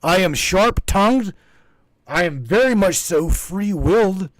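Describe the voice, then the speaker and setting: A man with a high-sitting, animated voice speaks at a measured pace, with no echo. He's hosting a spiritual livestream and chatting casually to his viewers, rambling, repeating himself, stressing his words and swearing freely.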